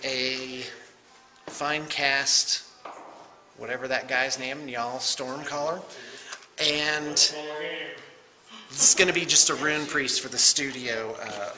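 In a noisy room with crowd sounds behind him, a middle-aged painting studio owner unboxes miniatures and chats casually, joking at his own expense. His medium-pitched voice stays steady and slow, with long pauses as he rambles.

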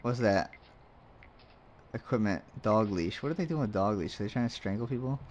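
A man with a fairly low voice talks through a game as he plays, rambling and muttering to himself with offhand jokes. A faint hiss sits under the recording. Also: animated, moderate pace, darkish tone, dull audio. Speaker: let's play host. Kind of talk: casual gameplay commentary.

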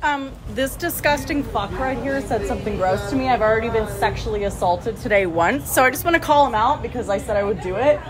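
A woman's voice: fairly high pitch, crowd noise, rough recording. A woman vlogging outdoors on a beach, talking heatedly and profanely into a handheld phone camera. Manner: heated, profane, fast ranting. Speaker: travel vlogger. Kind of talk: angry vlog to camera. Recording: loud outdoor background noise.

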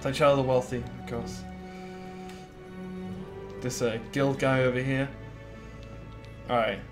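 A man's voice: medium pitch, level tone, slow pace, music in the background. A man chatting casually as he streams a game, rambling through what he plans to do with lots of fillers and replies to his chat. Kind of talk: casual live-stream commentary.

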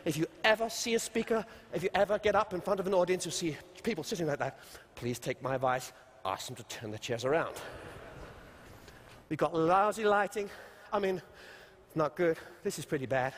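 A man giving a humorous, animated conference keynote, talking straight to a large audience. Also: high voice, a little fast, slight background noise. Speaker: keynote speaker. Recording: long hall reverb from stage mic.

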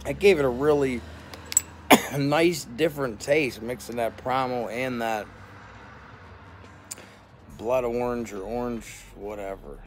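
A man casually chatting and reviewing his cannabis gear in a vlog, excitable and swearing constantly in slangy talk. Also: mid-range voice, slow, pauses often, slight background noise. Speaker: cannabis vlogger. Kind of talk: casual profane vlog chat.

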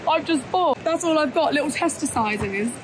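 A young woman with a high voice talks to a handheld camera while travelling. She is chatty and animated, telling her stories with energy. Clear ambient noise fills the background. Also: moderate pace. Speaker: travel vlogger. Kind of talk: casual vlog chat.

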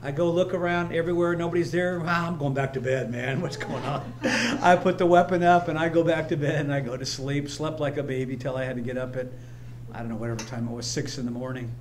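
A man preaching in a high, ringing voice, hammering home repeated phrases and drifting into homely personal stories. A faint hum sits under his words in the church. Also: flat delivery, fast talker. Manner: emphatic, repetitive, personal storytelling. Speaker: pastor. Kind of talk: sermon. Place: church sanctuary, streamed live.

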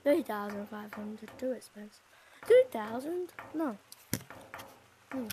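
A woman's voice: a little high, expressive, takes it slowly, mellow, a little hiss or hum. A woman playing a game and narrating her own moves in a playful, sing-song way. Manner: playful, sing-song, breaks into shrieks and giggles.

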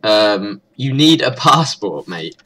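A man's voice: on the low side, very animated, slow, background noise. A young man hosting a let's play, talking crudely and mockingly at the characters in the game. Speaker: gaming channel host.

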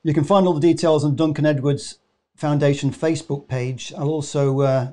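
A man's voice: a little high, fairly even intonation, normal speed, warm tone. A man hosting a live online show, speaking hesitantly with many fillers. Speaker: host.

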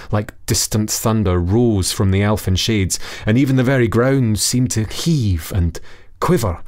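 A man narrating an old fairy tale as storybook reading for listening practice, in a steady, measured way. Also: lowish voice.

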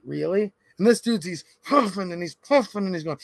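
A man in his thirties talks casually to his viewers on a livestream, his voice sitting a little higher than most men's. He rambles through a story with plenty of "like" and restarts. The sound is dry and close, with no room echo. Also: lively intonation, brisk, creaky. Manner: rambling storytelling with many fillers. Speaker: livestream host.

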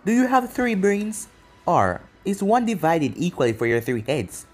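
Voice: mid-range voice, sing-song, moderate pace, darkish tone, faint music behind. Narrator doing a cocky young ninja hero. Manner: cocky, taunting.

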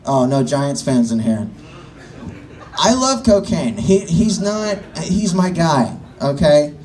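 A man's voice: a little high, big pitch swings, slow pace, darkish tone. A man in his late twenties doing a crude, self-mocking stand-up set on a bar stage, talking straight to the crowd. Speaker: stand-up comedian. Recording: distant mic with faint room noise.

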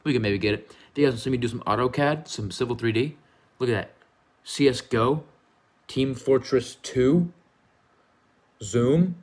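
Medium in pitch with a darkish tone, this American YouTuber speaks at normal speed but pauses often. He's hosting a casual gaming vlog from his room, rambling in a silly, affectionate manner.

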